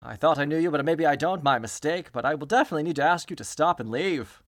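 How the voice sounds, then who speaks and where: A man's voice: fairly high pitch, quick pace, fairly bright tone, dry recording, studio quality. A man voicing a dim, lustful young prince who talks bluntly and obliviously.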